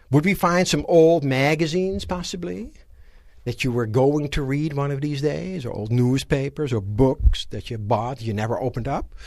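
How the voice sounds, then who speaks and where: A man giving a live motivational seminar lecture to an audience in a room, animated and asking rhetorical questions. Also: mid-range voice, no room sound, clean studio sound. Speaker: seminar speaker.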